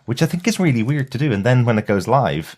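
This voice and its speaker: A man co-hosting a TV review podcast in casual chat, talkative and quick to laugh. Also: mid-range voice, very animated, a little mellow. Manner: chatty, laughs often, restarts thoughts. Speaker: podcast co-host.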